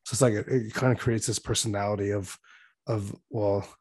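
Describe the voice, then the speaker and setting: A man's voice: fairly low pitch, steady tone, fairly quick, a little mellow, husky, dry recording. A young man talking in a loose, rambling way, full of fillers, laughing as he tells stories. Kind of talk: casual chat.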